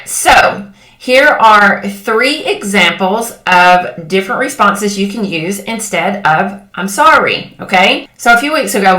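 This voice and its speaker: A woman gives a motivational talk to women in a bright, forceful voice. She talks directly and keeps checking that her listeners are with her. Her voice rings around a room with a lot of echo. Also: mid-range voice. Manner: direct and coaxing, checks in with "okay?" and "right?". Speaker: women's empowerment coach. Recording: echoey room.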